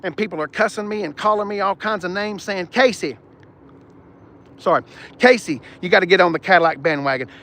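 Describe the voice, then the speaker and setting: Outdoors on a car lot, a man hosts a live stream for his car channel, joking with viewers and talking bluntly. His voice sits high with a fairly bright tone and a slightly fast pace; there's no external mic, and wind hits the mic.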